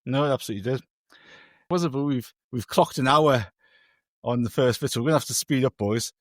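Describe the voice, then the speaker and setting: Lively male podcast co-host, dry sound. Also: mid-range voice, fairly quick, no room sound. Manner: lively, moves the show along. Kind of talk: casual storytelling chat.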